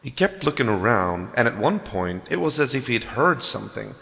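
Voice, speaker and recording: A man's voice: mid-range voice, very animated, normal speed, gravelly, fairly bright tone. A man narrating a roleplay story in a dry, wry storytelling manner. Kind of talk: scripted narration. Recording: long hall reverb.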